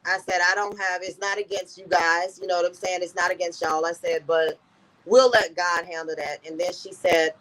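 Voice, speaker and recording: A woman's voice: on the low side, steady tone, normal speed, fairly bright tone, rough recording. A woman guest in an interview, earnestly telling a personal story and often repeating "I said" as she recounts conversations.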